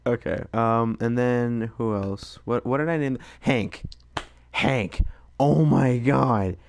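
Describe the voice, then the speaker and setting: A man's voice: medium pitch, slow, gravelly, slight background noise. A man rambling in a casual late-night chat, full of fillers and laughter. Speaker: streamer host.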